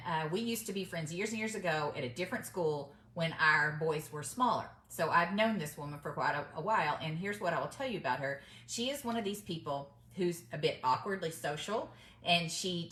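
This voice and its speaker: This middle-aged woman offers business mindset advice through casual storytelling to camera, addressing viewers as y'all in a chatty, emphatic manner. Her voice is low and sharp-toned, with reverberation in the audio.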